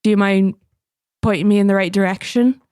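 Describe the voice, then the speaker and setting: A woman's voice: mid-range voice, fairly even intonation, fairly quick, a little mellow, smooth, no room sound, studio quality. A woman playing a tabletop game, chatty and laughing, who says "wee bit" and "me darling". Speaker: player.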